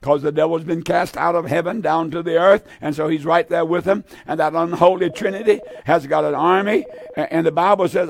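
A man's voice: fairly high pitch, steady tone, a little fast, creaky. An older man preaching a fervent sermon with an altar call, pleading with many "uh" fillers and sometimes drifting into song.

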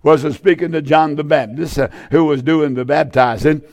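Gravelly, halting radio preacher man. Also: a little high, steady tone, a little mellow. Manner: halting, many fillers and restarts. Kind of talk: radio sermon with scripture reading.

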